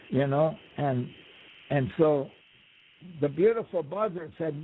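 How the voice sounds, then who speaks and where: A man's voice: fairly high pitch, unhurried, vocal fry, slight background noise. A man, a radio show guest, telling a folk tale in a loose, rambling way with asides. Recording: tinny phone line on radio.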